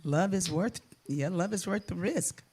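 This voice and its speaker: An older woman hosting a casual live chat, warm and playful, laughing often. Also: fairly low pitch, unhurried, slightly rough. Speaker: host and singer.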